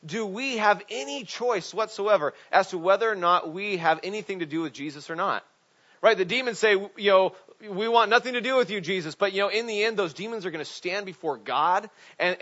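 A man preaching a sermon in a chatty, animated way, with frequent restarts and asides. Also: high voice. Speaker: pastor. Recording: dull lo-fi recording.

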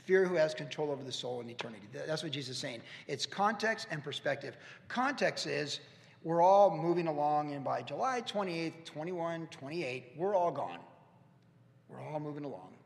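Gravelly-voiced pastor preaching in a hall. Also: male voice, fairly high pitch, lively intonation. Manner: earnest, storytelling, pauses and restarts. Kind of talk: conversational sermon. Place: church sanctuary. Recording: echoey church hall.

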